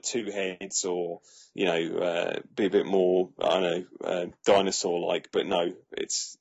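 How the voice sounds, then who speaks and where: Husky, hesitant man reviewing films. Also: low-pitched, dull audio. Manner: hesitant, many fillers and restarts. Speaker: film reviewer. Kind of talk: casual chat.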